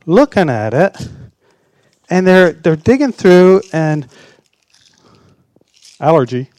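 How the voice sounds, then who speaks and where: A man's voice: a little high, big pitch swings, slow pace, darkish tone, clear, resonant tone, dry recording. A man in his sixties preaching a sermon, telling a personal story in a wry, sarcastic way. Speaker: pastor.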